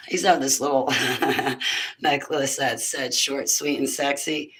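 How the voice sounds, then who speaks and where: A woman's voice: very deep voice, steady tone, slow, a bit bright, slight background noise, rough recording. A woman in her fifties talking in a loose, rambling monologue about faith, breaking into laughter and emphatic preaching. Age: 50s. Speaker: speaker on spiritual warfare. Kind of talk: casual monologue.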